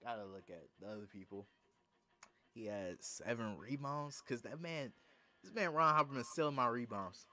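A man's voice: animated, moderate pace. Hyped man commentating his game. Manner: hyped, shouting bursts between low muttering. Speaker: gaming streamer. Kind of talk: excited live commentary over gameplay.

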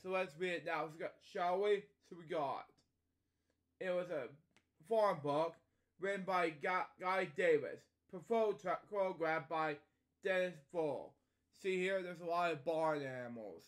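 A man's voice: sits high, measured pace. A man casually reading a picture book aloud as a storytelling host, stumbling over words and wandering into rambling asides at home.

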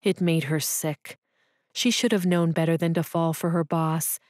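A woman narrating an audiobook in a calm, even storytelling manner. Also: low voice, unhurried, no room sound, clean studio sound. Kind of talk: scripted narration.

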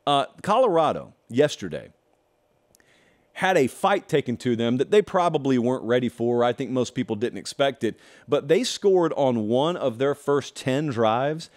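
Animated male sports host, emphatic monologue with rhetorical questions and sarcastic asides. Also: medium pitch, moderate pace. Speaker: college football show host. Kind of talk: opinion monologue.

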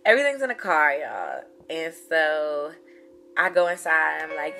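A young woman, telling a story to camera in a casual vlog, animated and profane, swinging between loud outrage and muttered asides. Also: sits low, unhurried, creaky, faint music behind. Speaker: vlogger.

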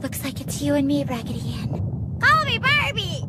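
A woman's voice: high-pitched, very animated, normal speed, heavy background noise. A snarky foul-mouthed schoolgirl. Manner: snarky, crude wisecracks. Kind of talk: comedic cartoon dub.

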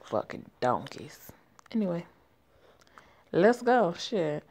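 A woman's voice: on the low side, sing-song, slow pace, a little mellow. A woman giving blunt, sassy commentary while playing a story game, swearing freely. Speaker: game streamer.

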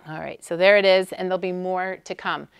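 A woman's voice: lowish voice, steady tone, brisk, creaky, clean tone, dry recording. A middle-aged American woman, a sports medicine doctor, giving a friendly, conversational conference talk with frequent "um"s. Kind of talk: conference lecture.

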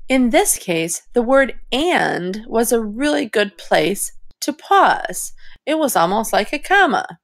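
A woman's voice: on the high side, very animated, takes it slowly. A woman teaching young readers, thinking aloud as she models reading a story in phrases. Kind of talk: reading lesson for children.

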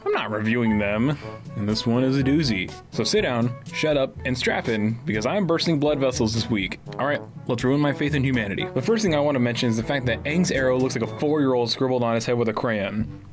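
Ranting young man over music. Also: medium pitch. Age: young adult. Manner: exasperated, ranting. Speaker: segment host, movie critic. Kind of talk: scripted comedic movie rant.

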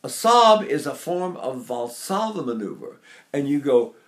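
An older man teaching singing, talking in an animated, digressive way and breaking into sung vocal demonstrations. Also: medium pitch, unhurried. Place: Seattle area.

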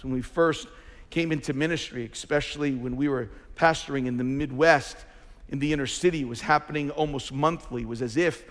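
A man preaching a sermon as a pastor, talking in an emphatic way and swelling louder on his key points. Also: mid-range voice. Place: large church sanctuary. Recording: long hall reverb from a big church.

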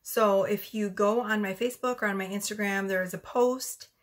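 Speaking at a normal speed with fairly even intonation, this tarot reader has a mid-range voice. Her casual reading is chatty and meandering, full of self-corrections, and she's slightly breathless.

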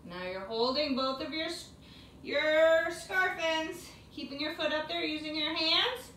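A woman's voice: high-pitched, a little slow, fairly bright tone, a little hiss or hum. A woman teaching a yoga class for young children in a sing-song, encouraging, playful way. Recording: echoey room, mic at a distance.

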